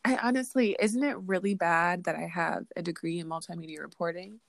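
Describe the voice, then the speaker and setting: A woman's voice: fairly low pitch, steady tone, a little fast, gravelly, dry recording. A woman who is a guest on a podcast, chatting casually, giggly and a little hesitant. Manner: giggly, hesitant, self-deprecating. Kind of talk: casual interview chat.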